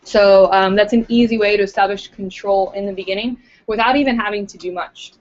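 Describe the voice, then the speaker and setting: A woman's voice: mid-range voice, steady tone, fairly quick. A woman recruiter coaching a small group in a casual, chatty way, full of fillers, acting out interview lines as she goes. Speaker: recruiter giving training. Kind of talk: casual training talk to a group. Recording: dull lo-fi recording.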